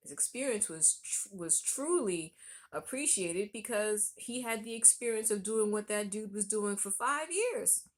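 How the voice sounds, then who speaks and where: A woman vlogger telling a personal story in a relaxed, conversational way. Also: mid-range voice, measured pace. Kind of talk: storytelling vlog.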